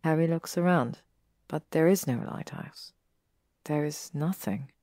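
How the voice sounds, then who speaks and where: A woman narrating an audiobook story in a measured, even way. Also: sits low, no echo, clean studio sound. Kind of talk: audiobook reading of fan fiction.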